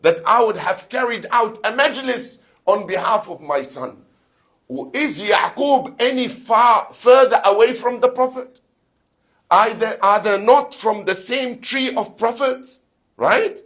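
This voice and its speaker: His voice high-pitched, noticeably husky and a bit bright, a sheikh preaches a Muharram lecture at a measured pace. He speaks with fervor, putting rhetorical questions to the congregation and mixing Arabic phrases and recited scripture into his English.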